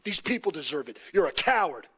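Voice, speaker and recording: A man's voice: on the high side, sing-song, brisk, sharp tone, breathy edge. A man cutting a wrestling promo, out of breath and coughing, impassioned and defiant. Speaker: pro wrestler.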